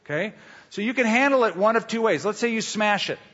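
A pastor preaching a sermon with emphatic rhetorical questions and homely illustrations. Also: male voice, high-pitched, expressive, fairly quick, fairly bright tone, big-room sound, dull audio.

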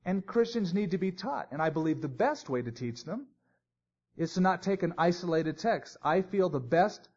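A man's voice: sits high, lively intonation, moderate pace, darkish tone, slightly rough. A man teaching a Bible sermon in a conversational way, with joking asides. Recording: dull lo-fi recording.

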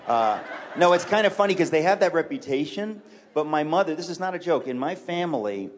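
A man from New York City, a guest author chatting in a church interview, joking with quick, self-mocking asides. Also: a little high, expressive. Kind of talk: casual interview chat on a church stage.

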